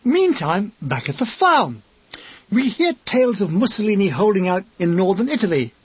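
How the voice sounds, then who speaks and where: A man's voice: high voice, big pitch swings, moderate pace, slightly rough, dry recording. A man narrating a war memoir audiobook in a wry, comic storytelling manner. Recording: dull lo-fi dry recording.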